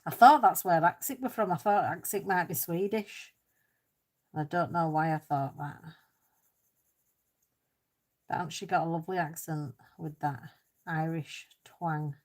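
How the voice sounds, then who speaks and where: Woman hosting a cosy live stream, slightly low voice, relaxed and chatty. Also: unhurried, pauses often. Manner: chatty, reads out and answers viewers' comments; self-deprecating, laughs easily. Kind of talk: casual chat while colouring.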